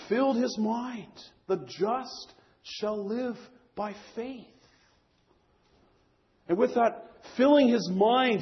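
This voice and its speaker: A man's voice: high-pitched, highs cut off. A man preaching a sermon to a congregation, earnest, repeating key phrases, with frequent restarts. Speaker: pastor.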